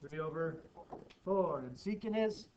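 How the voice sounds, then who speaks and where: A man teaching math to students, brisk and teasing, often checking in with quick questions. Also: on the high side, warm tone. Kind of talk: classroom tutoring. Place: classroom. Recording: distant, muffled, noisy classroom recording.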